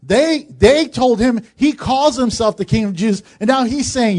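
Man preaching, high voice, conversational, joking asides. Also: normal speed, darkish tone. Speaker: pastor. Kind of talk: sermon.

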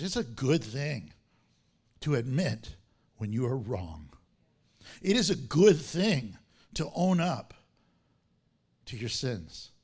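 A man preaching a sermon, telling the story in an animated way, acting out its characters, and laughing often. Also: mid-range voice, slightly rough.

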